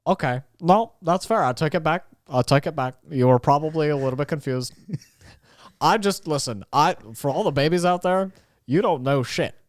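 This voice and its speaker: A man's voice: fairly high pitch, normal speed, no room sound, studio quality, lightly acted. A man improvising as a gloomy male vampire who dreams of being a cowboy, rambling and flustered. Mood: ranting. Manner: rambling, flustered, lively delivery. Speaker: improv comedian. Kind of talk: improvised comedy scene.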